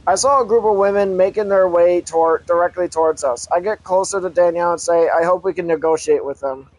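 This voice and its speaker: A man reading an adventure story aloud as a channel host, halting, correcting himself and breaking off for casual asides. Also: high-pitched, low-quality recording. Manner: halting reading with frequent self-corrections and restarts.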